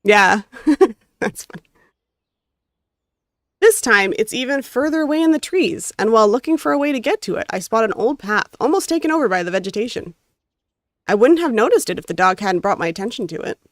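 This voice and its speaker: Higher-voiced woman streamer reading aloud. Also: lively intonation, brisk, long pauses, no echo, clean studio sound. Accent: North American. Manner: reads game text with expression, breaks off into casual chatty asides and laughter. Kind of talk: reading a visual novel aloud while chatting with stream chat.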